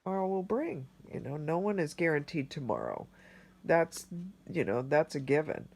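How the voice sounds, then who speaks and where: A man in his forties telling his own story in a personal vlog, earnest and halting, speaking with emotion. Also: a little high, very animated, creaky, darkish tone, slightly rough. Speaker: vlogger sharing a personal story.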